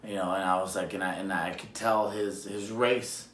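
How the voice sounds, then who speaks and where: A man telling a personal true story on a self-recorded video, acting out quotes with sudden jumps in pitch. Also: moderate pace. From Madison, Wisconsin area. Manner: animated, acts out quotes with big pitch jumps. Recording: echoey room with faint noise.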